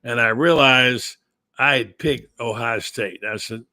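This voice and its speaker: An older man hosting a sports talk show, chatting casually and telling folksy stories in drawn-out phrases. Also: mid-range voice, bright, forceful tone, no room sound. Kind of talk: casual chat.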